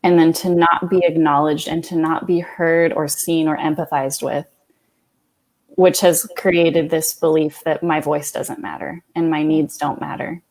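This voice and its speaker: A woman's voice: low voice, steady tone, measured pace, darkish tone, rough recording. A woman coach hosting a conversation, affirming and reflecting feelings back to her guest. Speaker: coach and host.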